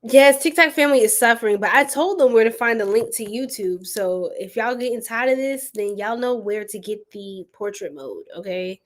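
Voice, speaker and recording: A woman's voice: a little high, normal speed, few pauses. A young woman hosting a live tarot reading, talking casually and playfully to her viewers and laughing often. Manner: addresses viewers as y'all and girl. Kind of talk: casual live-stream chat.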